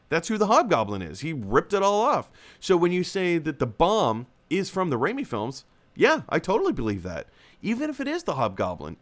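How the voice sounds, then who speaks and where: A young man hosting a live movie chat, reading out viewer comments and rambling casually with lots of fillers and restarts. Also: fairly high pitch.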